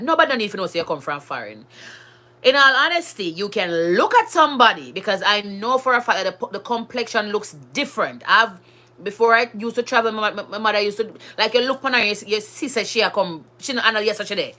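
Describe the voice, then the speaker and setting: A woman's voice: mid-range voice, animated, brisk, sharp tone. A Jamaican woman with children of her own, talking to her viewers in a chatty, emphatic way and slipping between patois and standard English. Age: adult with school-age children. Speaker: vlogger. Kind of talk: casual monologue to camera.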